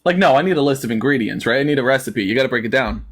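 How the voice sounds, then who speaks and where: A man's voice: mid-range voice, expressive, very fast. Sarcastic man hosting a live debate. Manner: sarcastic, mocking, jumps between a put-on folksy drawl and plain talk. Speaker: livestream debate host. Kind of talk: live-stream political debate.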